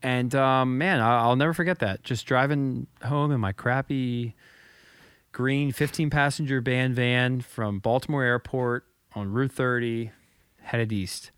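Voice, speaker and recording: A man co-hosting a podcast, telling a story in an earnest, reflective way, often halting and repeating his words. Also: medium pitch, fairly even intonation, a bit bright, clear, resonant tone, no room sound. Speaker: podcast co-host.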